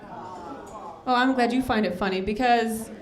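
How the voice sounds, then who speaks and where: A woman performing a stand-up comedy set with a deadpan delivery, acting out dialogue in other voices. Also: on the high side, unhurried. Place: comedy club stage with a crowd. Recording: echoey club with audience.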